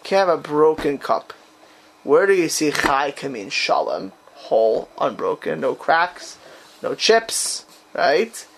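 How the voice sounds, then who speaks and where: Animated male teacher with a gravelly voice. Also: a little high, takes it slowly, background noise. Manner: animated, quizzes students, dramatic exclamations. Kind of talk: classroom text study.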